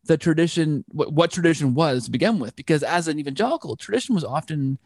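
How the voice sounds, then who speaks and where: In an interview, a man spins a long, rambling tale about his life, full of restarts and digressions. He talks fast and animatedly in a slightly high, darkish voice, captured in studio quality without any room sound.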